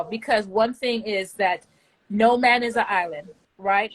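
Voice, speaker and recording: A woman's voice: mid-range voice, normal speed. A woman giving an emotional, effusive client testimonial, often repeating words when moved. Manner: effusive, animated, faith-filled.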